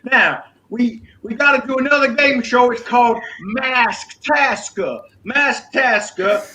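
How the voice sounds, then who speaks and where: A man's voice: extremely high pitch, slow pace, sharp tone, low-quality recording. A man guest-hosting a comedy panel show, brash, profane and teasing. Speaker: guest host.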